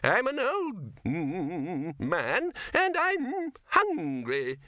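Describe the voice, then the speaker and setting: A man's voice: high voice, wildly swooping pitch, drawn-out words, pushed and bright, dry recording, clean studio sound, voice pushed up, heavily acted. A man voicing a crafty, toothless, very old male wizard who mumbles and quavers. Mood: whining. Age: older.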